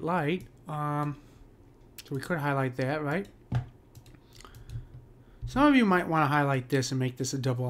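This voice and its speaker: A man's voice: mid-range voice, a little hiss or hum. Casual man teaching meter, asking "right?". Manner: conversational, checks in with "right?" often; slows down to read verse lines aloud. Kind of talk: casual screen lesson on poetic meter.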